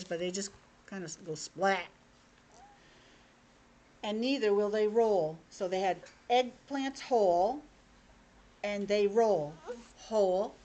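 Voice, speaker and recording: A young woman teacher reading a picture book aloud to children over a video call, with chatty asides. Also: mid-range voice. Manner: animated, chatty asides to kids.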